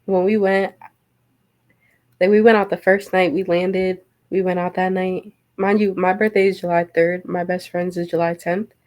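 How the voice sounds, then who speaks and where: A woman's voice: lowish voice, level tone, a little mellow. A woman guest in casual podcast chat, telling her stories in a chatty way and laughing easily. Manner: chatty storyteller, quick to laugh.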